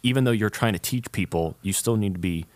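A man's voice: on the low side, quick pace, dry recording. A young man, a worship leader, talking earnestly in a casual interview, rambling with fillers and restarts.

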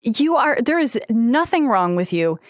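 A woman's voice: on the high side, big pitch swings, measured pace, no room sound. Dry-voiced woman, frank podcast co-host. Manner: frank, swears, laughs often. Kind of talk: casual chat.

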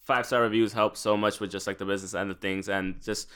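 Laid-back low-voiced man hosting a podcast. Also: flat delivery, fast talker, fairly bright tone, clear, resonant tone. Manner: rambling, laid-back, many ums. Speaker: podcast co-host. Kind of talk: casual chat. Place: apartment in the Bronx.

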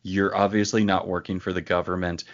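A man casually chatting about a movie, wry and joking, sometimes halting. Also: deep voice, level tone, dull audio. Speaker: podcast co-host.

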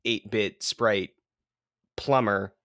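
A man's voice: lowish voice, steady tone, drawn-out words, a bit bright, no room sound, studio quality. A man co-hosting a podcast in casual chat, joking and laughing often. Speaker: podcast co-host.

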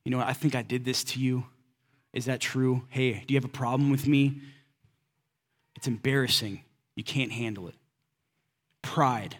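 Male pastor, mid-pitched, casual and direct sermon delivery, heavy on rhetorical questions. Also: fairly bright tone. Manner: conversational preaching with rhetorical questions; casual and direct, slips in slang.

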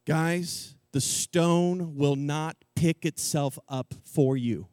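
A male preacher telling a story in an animated, jokey, slangy sermon style. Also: a little high, very slow, few pauses, smooth, no room sound, studio quality.

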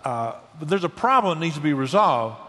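A man's voice: a little high, a little fast. Folksy older man giving advice. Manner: earnest, folksy, animated storytelling. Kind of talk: conversational advice. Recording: long reverb.

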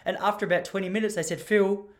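Animated Australian man telling a story. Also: fairly high pitch, a little fast. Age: 30s. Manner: rambling, animated, laughs while telling stories. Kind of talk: casual anecdote telling.

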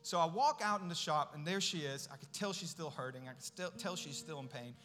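A man's voice: a little high, lively intonation, brisk, bright, forceful tone. Middle-aged man preaching in a reverberant church. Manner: conversational, acts out dialogue in his story. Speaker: guest speaker. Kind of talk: storytelling sermon. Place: church sanctuary. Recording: long hall reverb.

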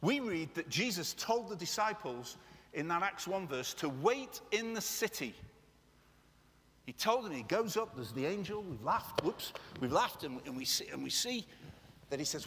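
A man delivers a sermon with passion, breaking off for joking asides to his congregation. His voice sits high and sounds bright and forceful. It carries the long echo of a large hall. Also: very animated, normal speed. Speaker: preacher. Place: church meeting room. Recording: echoey hall.

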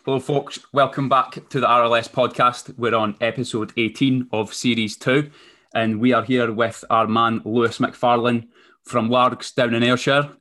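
Bright-voiced male podcast host. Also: medium pitch. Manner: relaxed, friendly, halting with ums. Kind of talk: casual podcast interview.

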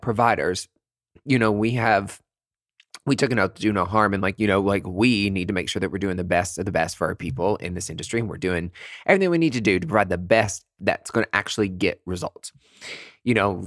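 A man's voice: lowish voice, fairly bright tone, no echo, clean studio sound. Sassy campy male podcast host. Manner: sassy, campy, swooping emphasis. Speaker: podcast host and aesthetic provider. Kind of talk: casual monologue.

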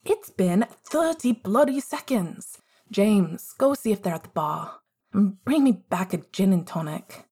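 A woman voicing a bossy, exasperated young woman who talks in a brisk, commanding way. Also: mid-range voice, animated, dark tone, breathy edge.

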